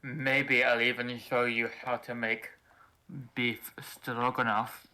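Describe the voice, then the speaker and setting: A man's voice: medium pitch, little pitch movement, slow pace, sharp tone, rough recording. A man voicing a huge, lonely huntress in a put-on Russian accent, speaking broken English. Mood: coy. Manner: broken English, dropped articles. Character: huge lonely female huntress, creepy but sweet.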